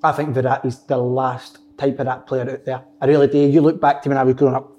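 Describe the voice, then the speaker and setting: A man's voice: medium pitch, level tone, quick pace, dark tone. A man co-hosting a casual podcast, rambling and often restarting his sentences. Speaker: podcast co-host. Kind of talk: casual chat.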